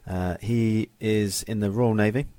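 A man hosting a podcast, introducing a guest in a relaxed, chatty way. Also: lowish voice, a little slow, no echo. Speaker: podcast host.

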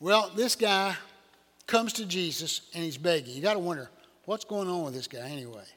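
A man's voice: sits high, lively intonation, normal speed, a bit bright. An older man, preaching a folksy sermon full of rhetorical questions to his congregation. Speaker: pastor. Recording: church hall reverb.

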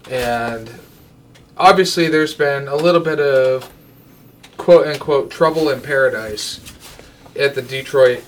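A man's voice: medium pitch, distant mic, a little hiss or hum. A man in his twenties hosting a casual podcast, joking and a little drunk. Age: 20s. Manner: loose, joking, slightly tipsy banter. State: slightly drunk. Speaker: podcast host. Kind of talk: casual chat.

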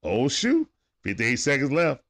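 A man's voice: medium pitch, huge pitch swings, a little slow, fairly bright tone. A man with speech doing loose, chatty play-by-play on a livestream, talking back to players and viewers. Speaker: livestream game commentator. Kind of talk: casual play-by-play commentary.

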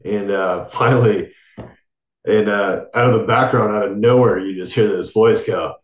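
A man, a military veteran, telling a long personal story in a casual podcast interview, acting out what others said and often trailing off quietly. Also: fairly low pitch, fairly even intonation, moderate pace, roomy sound, dull audio. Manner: casual, acts out quoted voices, trails off softly.

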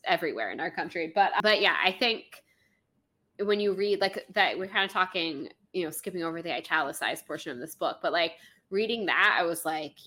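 Fast-talking bright-voiced young woman. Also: fairly low pitch, expressive. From Florida, US. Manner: fast, chatty, many fillers. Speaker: podcast co-host. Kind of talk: casual chat about a book.

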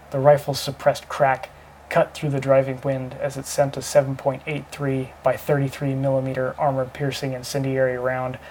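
A man reading an action novel aloud as a steady audiobook narrator. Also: mid-range voice, slight background noise, low-quality recording.

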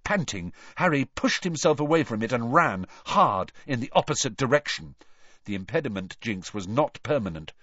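A man giving a lively, dramatic storybook narration, in a dull, dry recording. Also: mid-range voice, normal speed, no echo. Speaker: audiobook reader.

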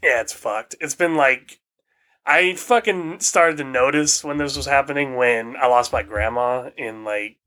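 A young man with a bright, tense voice talks hesitantly in casual chat. He sounds subdued and swears as he gropes for words. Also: mid-range voice, unhurried.

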